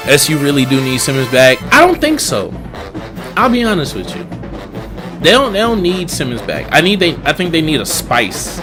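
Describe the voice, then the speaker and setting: Band music runs behind a man whose voice is a little high, very animated and fairly quick. He's reacting to marching band videos on his live stream, chatting in a loose, rambling way. He tends to repeat himself as he tries to come up with names.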